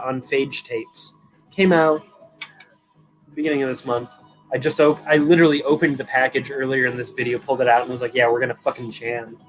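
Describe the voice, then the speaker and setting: A man's voice: mid-range voice, rough recording. Casual profane man chatting over music. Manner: rambling, profane, self-deprecating, chatting to viewers. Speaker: live stream host. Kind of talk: casual live-stream chat. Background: music playing.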